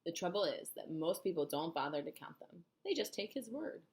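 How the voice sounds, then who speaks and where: A woman's voice: on the low side, very animated, a little fast, vocal fry, darkish tone. A woman voicing a prim, indignant male earthworm in a storybook reading.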